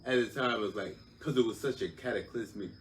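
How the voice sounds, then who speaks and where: A man telling a story in casual chat, animated and profane, heard slightly off mic. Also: on the low side, fast, distant mic, a little hiss or hum. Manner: animated, profane, acts out other voices. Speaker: podcast guest, older brother.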